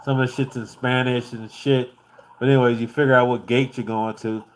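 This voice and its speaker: A man's voice: mid-range voice, level tone, a little fast. A man from the United States telling a travel story in a loose, profane, laid-back way, laughing as he goes. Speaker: vlogger.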